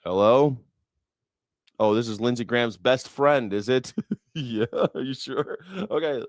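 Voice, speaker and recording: A man's voice: mid-range voice, a little slow, dry recording, clean studio sound. A man hosting a casual news reaction livestream, talking in a sarcastic, profane and rambling way. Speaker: host of a news reaction stream.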